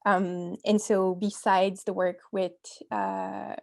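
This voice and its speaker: A young woman from Quebec speaks on a video call panel in an earnest, halting way, pausing often with fillers. Her pitch sits in the middle for a woman. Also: little pitch movement, gravelly, a little mellow. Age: young adult.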